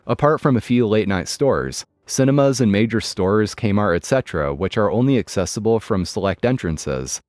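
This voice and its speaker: A man's voice: fairly low pitch, darkish tone, no room sound. A man reading a first-person story in a wry, matter-of-fact scripted narration. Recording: dry close mic with music bed.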